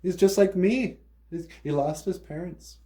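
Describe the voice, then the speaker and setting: A man's voice: high-pitched, unhurried, mellow, pitched above the performer's own voice. A man voicing a rich young hero, earnest and wounded, in a raised, exclaiming voice during comic storytelling.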